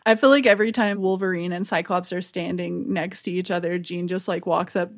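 A woman's voice: lowish voice, steady tone, fairly quick. A young woman chatting casually as a podcast co-host, retelling scenes wryly with sudden laughs. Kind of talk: casual chat.

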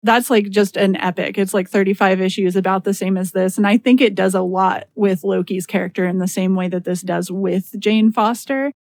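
A woman's voice: medium pitch, steady tone, normal speed, few pauses, a little mellow, dry recording, clean studio sound. A woman hosting a podcast in casual chat, enthusiastic and full of recommendations. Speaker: podcast host.

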